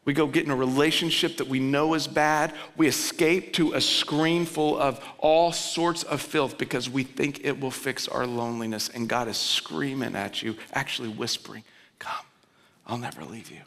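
A man preaching a sermon as pastor, swinging between loud urgent pleading and low, quiet emphasis. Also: fairly even intonation, moderate pace, few pauses. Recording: long reverb of a large hall.

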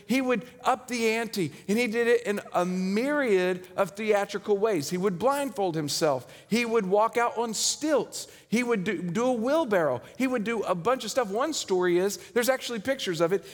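Man, pastor, high voice, sermon, dramatic storytelling, hall reverb. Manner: storytelling, dramatic swings from loud to hushed.

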